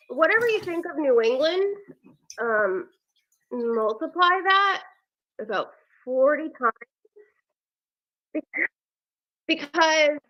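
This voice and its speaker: A woman guesting on a podcast as a sex educator, chatting casually in a wry, unhurried way with light laughs. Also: high-pitched, pushed and bright, muffled recording. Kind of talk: casual chat.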